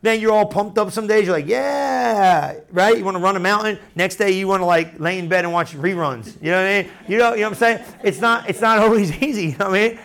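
A male preacher delivering a sermon with a fairly high voice. He talks loosely and conversationally, circling back on phrases and checking in with the room. His tone stays animated and direct. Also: fast talker, few pauses, clean tone. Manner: conversational, animated, repeats and restarts phrases, asks the room questions.

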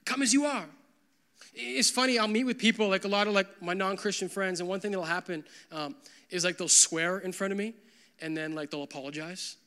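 Young male pastor, high bright voice, casual animated sermon delivery. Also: brisk, clear, resonant tone. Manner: conversational, animated, full of "like" fillers.

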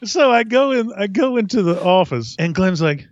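A man hosts a podcast and tells a story with real excitement, laughing often and swearing freely. His voice sits high and swings widely in pitch. The sound is dry and close. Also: normal speed, no echo, lo-fi sound. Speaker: podcast host. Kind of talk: animated storytelling.

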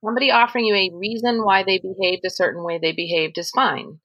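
A woman co-hosting a casual chat, speaking in a measured, agreeable and wry way. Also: medium pitch, steady tone, dry recording. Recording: dull lo-fi sound.

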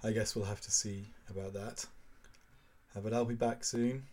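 A man reading a short story aloud for his podcast, expressive and measured. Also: fairly low pitch. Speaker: podcast reader.

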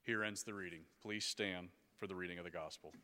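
A man reads scripture in a formal, measured way, his voice low-pitched but bright. He is heard from a distance, and long church reverb trails each phrase. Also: fairly even intonation. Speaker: lay reader. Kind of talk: liturgical reading.

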